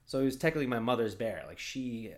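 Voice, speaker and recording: A man's voice: mid-range voice, animated, quick pace. A man from Oregon co-hosting a podcast, telling long rambling stories in casual chat with plenty of fillers. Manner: rambling storyteller, lots of fillers. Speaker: podcast host.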